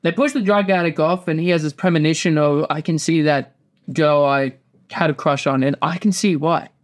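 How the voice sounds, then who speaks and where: A man's voice: on the high side, fairly even intonation, normal speed. A man hosting a casual show, rambling through a profane recap and acting out quotes in passing. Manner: rambling, swears often, acts out quotes. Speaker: podcast host.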